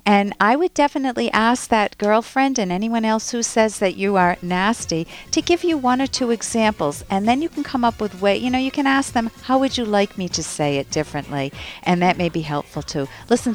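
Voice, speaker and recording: A woman's voice: medium pitch, expressive, a little fast, hardly any pauses. A woman hosting a call-in advice show as a psychologist, coaching a caller with probing questions. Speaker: radio psychologist host.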